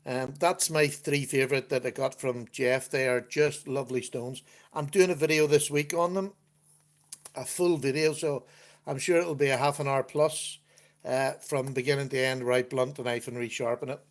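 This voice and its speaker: A man's voice: mid-range voice, steady tone, normal speed. A man hosting a casual livestream from his computer at home, chatting, laughing often and reading out viewer comments. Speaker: livestream host. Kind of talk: casual chat.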